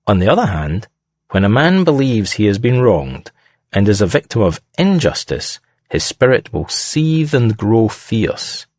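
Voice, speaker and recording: A man reading scripted narration in a measured, deliberate way. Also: lowish voice, big pitch swings, darkish tone, dry recording.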